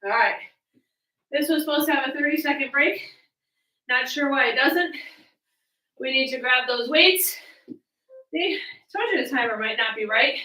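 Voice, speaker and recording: A woman's voice: high-pitched, normal speed, long pauses, pushed and bright, echoey room, far from the mic, poor audio. A woman fitness coach, out of breath, counting reps and cueing moves while she exercises along in a small room at home. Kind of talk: coaching a live home workout.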